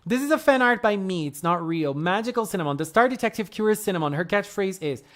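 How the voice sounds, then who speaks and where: A woman streamer reviews fan art live, talking briskly in a medium-pitched voice with lively intonation. Her casual chatter overflows with effusive praise, exclamations, laughs, and gasps.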